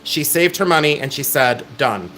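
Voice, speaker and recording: A man's voice: fairly high pitch, lively intonation, normal speed, a bit bright, slight background noise. A middle-aged man hosts a live-stream jewelry auction. He talks in a chatty, emphatic sales patter. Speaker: live sale host.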